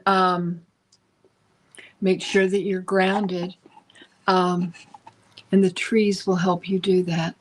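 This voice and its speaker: A woman on a live stream giving intuitive spiritual guidance, searching for words with many restarts and ums. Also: fairly low pitch. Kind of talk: casual spiritual guidance talk.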